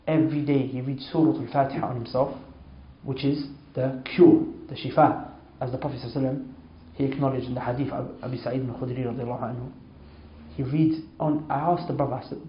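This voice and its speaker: A man giving an informal religious talk, storytelling emphatically and repeating oaths for stress. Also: fast. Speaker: Islamic speaker. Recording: echoey, dull low-fi sound.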